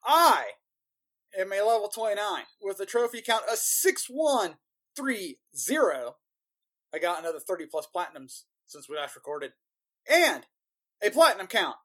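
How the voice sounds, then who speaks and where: A man chats on a casual podcast, teasing the others. His pitch rises and falls a lot as he talks. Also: sing-song, moderate pace, fairly bright tone. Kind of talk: casual chat.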